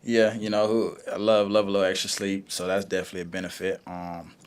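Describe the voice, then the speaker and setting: A young man, a college football player, answering press conference questions in a relaxed way, full of "you know" and "um". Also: low-pitched, quick pace, clean tone. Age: young adult.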